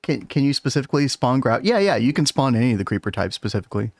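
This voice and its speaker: A man's voice: medium pitch, big pitch swings, racing, no room sound. A man chatting casually with his viewers and co-player while streaming a game, laughing often. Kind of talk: casual gaming livestream chat.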